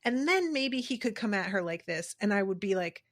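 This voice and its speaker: A woman's voice: medium pitch, lively intonation, normal speed. Emphatic woman recapping a show. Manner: emphatic, swears freely, acts out quotes. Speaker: podcast co-host. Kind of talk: casual chat recapping a TV episode.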